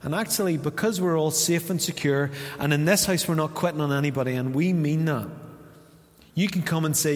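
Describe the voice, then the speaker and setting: A man's voice: on the high side, a little fast. A man with a Northern Irish accent preaching a sermon as pastor in a church, in a conversational way, acting out little dialogues with his listeners. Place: church hall. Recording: long reverb of a church hall.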